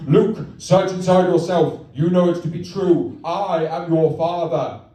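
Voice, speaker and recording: A stand-up man putting on a pompous Darth Vader, a grand self-important warlord with a deeper, booming tone. Heard far from the mic in a booming, echoey club room. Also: unhurried, dark tone, close to an everyday voice. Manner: pompous, low, then apologetic. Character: Darth Vader, menacing male warlord turned sheepish.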